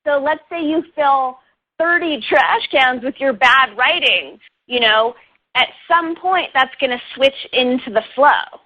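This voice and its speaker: A talkative woman with a fairly high voice chats as an interview guest, upbeat and quick to laugh. Her voice comes through a dull, lo-fi online radio recording that takes the edge off the sound. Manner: chatty, upbeat, laughs often. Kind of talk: casual interview talk.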